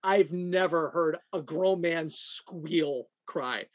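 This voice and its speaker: A podcast co-host telling a work story in casual, profane, animated talk. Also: medium pitch, slow.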